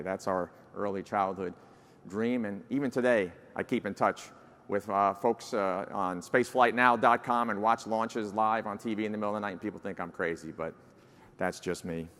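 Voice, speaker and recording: Older New York-accented man, lowish voice, folksy keynote with lots of uh, long hall reverb. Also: a bit bright. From New Jersey, United States. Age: 60s. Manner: folksy, self-deprecating, frequent uh fillers. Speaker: society president giving an address. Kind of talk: conference keynote speech. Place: large conference hall.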